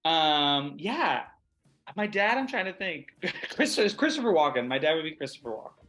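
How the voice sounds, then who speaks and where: A man's voice: fairly high pitch, very animated, moderate pace, bright, forceful tone, soft background music. An American man, an actor guest, chatting expressively and casually in an interview. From USA.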